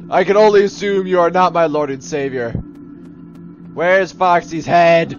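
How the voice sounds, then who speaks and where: A man's voice: a little high, unhurried. A young man playing a horror game, nervous and jumpy, mocking himself, dropping to whispers and then yelping. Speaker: gaming channel host. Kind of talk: let's play commentary. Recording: dull, lo-fi game capture with game music behind. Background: faint game music.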